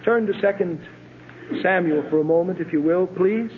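A middle-aged male pastor delivers a sermon in a high, emphatic voice. He builds to ringing climaxes and then drops to near-hush. The recording is thin and tinny, like an old tape, with a faint hiss underneath. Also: normal speed. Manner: emphatic preaching, rising to ringing climaxes and dropping to hushed tones.

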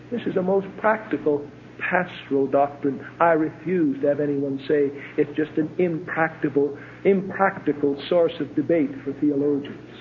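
A middle-aged man preaching a sermon as a pastor, with emphatic swells and sudden hushed drops. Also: fairly high pitch, normal speed. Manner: emphatic preaching, rising to ringing climaxes and dropping to hushed tones. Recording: tinny phone-like old sermon tape with faint hiss.

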